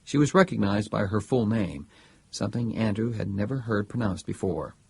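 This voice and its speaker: Very husky male audiobook narrator. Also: on the low side, animated, moderate pace, a little mellow.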